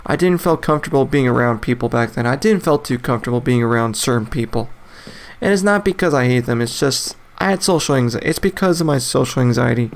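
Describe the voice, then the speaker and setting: A man in his twenties hosts a casual podcast alone, speaking fast and expressively in a mid-range voice with vocal fry. His monologue wanders loosely, piling up fillers and false starts, and he laughs often between thoughts.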